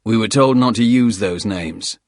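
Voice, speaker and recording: A man voicing a guarded British special forces sergeant, terse and measured. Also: fairly low pitch, no room sound, studio quality.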